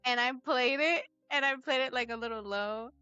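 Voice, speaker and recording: A woman's voice: a little high, moderate pace, pushed and bright, clear, resonant tone, no echo, muffled recording, faint music behind. A woman co-hosting a book club podcast, giggly and casual, chatting in loose slang. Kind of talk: casual chat.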